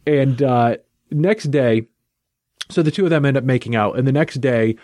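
Male host, mid-pitched, dry close sound, retells a plot with playful energy. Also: moderate pace, dry recording. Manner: lively, jokey storytelling. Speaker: podcast host reviewing a comic. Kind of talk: casual chat recapping a story.

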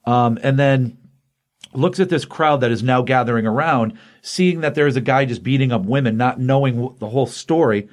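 A man's voice: medium pitch, moderate pace. A man co-hosting a comic book podcast, retelling a story in casual chat and acting out the quotes. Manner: animated retelling with acted quotes.

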